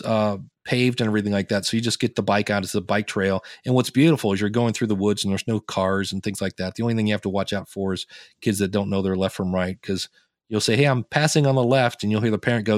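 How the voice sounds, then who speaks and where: A man from Ohio with a voice on the low side chats casually as a guest on a podcast. Animated in his storytelling, he acts out the reactions he quotes. The recording is studio quality, with no room sound.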